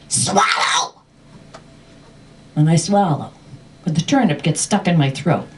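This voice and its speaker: A woman host telling a comic personal story live in a cafe, animated and often laughing, recorded from a distance. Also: low voice. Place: cafe performance space. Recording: distant mic with faint room noise.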